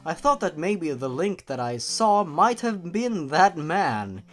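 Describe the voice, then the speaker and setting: A man reads a creepypasta aloud in a deadpan voice, then cuts in with sarcastic jokes. His pitch swings widely as he goes. Faint music plays softly underneath. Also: slow. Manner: deadpan reading broken by sarcastic asides. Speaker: YouTube narrator. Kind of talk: comedic story reading.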